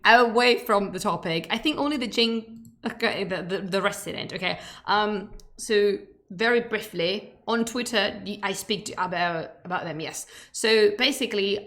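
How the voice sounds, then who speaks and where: A woman's voice: medium pitch, a bit bright. Chatty playful woman, native Spanish speaker. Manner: chatty, playful and digressive, with emphatic asides. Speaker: streamer and history host. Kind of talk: casual chat leading into a history lecture.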